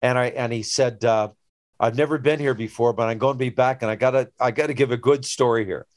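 A man's voice: mid-range voice, brisk, no room sound. Rambling older man. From Newfoundland, Canada. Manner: rambling storyteller, animated when retelling anecdotes. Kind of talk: casual chat.

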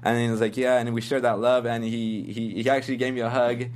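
A man's voice: mid-range voice, level tone, fast, a little mellow. A young man telling a story in casual chat, rambling and earnest with lots of fillers.

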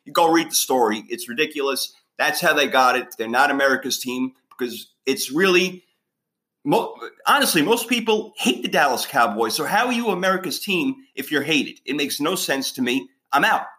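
Bright-voiced man hosting a sports chat. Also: on the high side, animated. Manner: emphatic, ranting, quick to laugh. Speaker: podcast host.

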